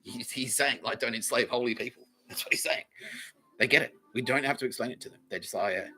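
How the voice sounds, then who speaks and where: A man hosting a solo podcast, ranting in a profane, animated way and laughing often. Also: mid-range voice, fast. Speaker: podcast host. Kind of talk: rambling solo podcast monologue.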